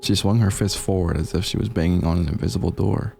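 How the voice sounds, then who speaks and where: Man, scripted horror narration, low gravelly voice, dark tone, measured delivery, faint music behind. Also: fairly even intonation. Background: faint gameplay music.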